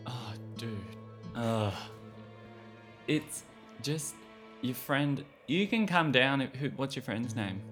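A man's voice: mid-range voice, expressive, slow pace, pauses often, over music. A man voicing a tiefling druid shepherd who talks mildly and earnestly about the balance of nature. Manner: mild, earnest, lecturing.

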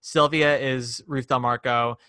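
A man co-hosting a casual chat about a musical, animated and acting out quoted lines. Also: a little slow, clear, resonant tone, dry recording, clean studio sound. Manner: animated, acts out quoted lines in high voices. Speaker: podcast co-host.

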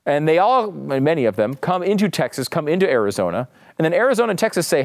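A man's voice: fairly high pitch, big pitch swings, fast talker. A man hosting a political talk podcast, delivering sarcastic commentary with frequent asides. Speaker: podcast host.

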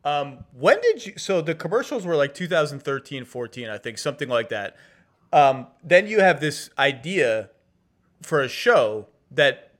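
A man's voice: fairly high pitch, fairly bright tone. A man hosting a podcast interview, who thinks aloud and rephrases his questions as he goes. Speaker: podcast host. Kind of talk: casual interview conversation.

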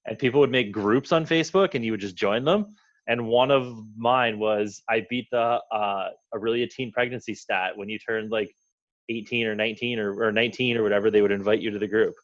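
A man in his thirties from Canada speaks as a guest on a podcast, teasing the hosts with dry humor. His voice sits a little low. The audio is dull and muffled, as if sent over a lo-fi remote connection. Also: a little fast. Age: 30s. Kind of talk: casual chat.

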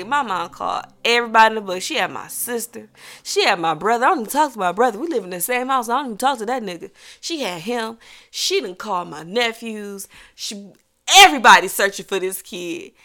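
A woman telling a personal story in a casual vlog, animated and profane, acting out the other people in it. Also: medium pitch, a little fast. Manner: animated, profane, acts out voices in her story.

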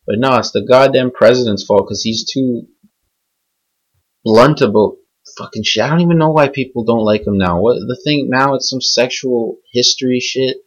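A young man with a medium-pitched voice hosts a podcast, heard through a muffled recording. He rants furiously and unscripted, swearing heavily as he rambles from one point to the next.

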